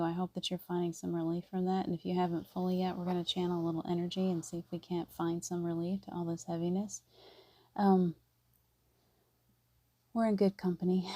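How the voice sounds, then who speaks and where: Low, mellow-voiced woman, earnest and soft. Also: dry recording. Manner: soft, earnest, greets viewers by name. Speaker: spiritual live-stream host. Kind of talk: casual spiritual live-stream talk.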